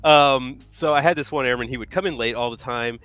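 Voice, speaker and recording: A man co-hosting a live painting stream, telling stories in a loud, animated way and laughing often. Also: medium pitch, fairly quick, clear, resonant tone, faint music behind. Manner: animated storyteller, acts out yelling, laughs a lot. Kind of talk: casual chat, telling stories.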